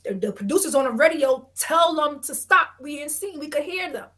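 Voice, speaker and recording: A woman guest on an interview podcast, telling a story in a blunt, dramatic and expressive way, acting out other people. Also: high-pitched, normal speed. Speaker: guest, reality dating show cast member.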